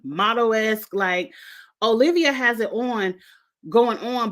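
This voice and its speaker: A woman in a mid-range voice hosts a casual reality show recap. She is chatty and frank, with strong opinions. She sometimes turns to address the contestants directly. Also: mid-range voice. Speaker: reality show reviewer, host.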